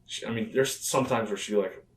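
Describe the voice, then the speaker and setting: A professional wrestler, interviewed as a guest, rambles through stories of past conversations with plenty of fillers in a conversational storytelling style. His voice sits on the low side and moves fairly quickly. The room is echoey, the mic is at a distance, and there is slight background noise.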